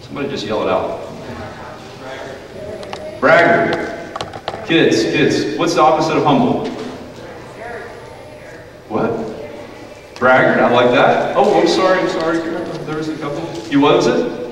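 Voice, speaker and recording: A man's voice: fairly high pitch, animated, unhurried, pauses often, fairly bright tone. Man, pastor, children's sermon, playful, very echoey hall. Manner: playful, acts out quoted voices. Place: church sanctuary. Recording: echoey church hall, mic far off.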